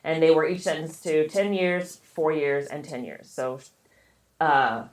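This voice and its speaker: A woman's voice: deep voice, unhurried, roomy sound. A woman co-hosting a podcast, casually retelling a story with lots of fillers and swearing. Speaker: podcast co-host. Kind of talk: casual chat.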